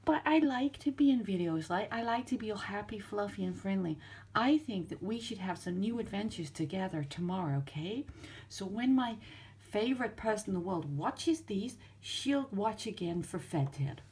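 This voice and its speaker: A woman's voice: medium pitch, expressive, normal speed, a little mellow, voice pushed down, natural voice. A woman voicing a brash, relentlessly upbeat male American teddy bear cop in a homemade toy story, with a put-on American accent and chatty "like" talk. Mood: pushy cheer. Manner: chatty, peppered with "like", overbearing cheer.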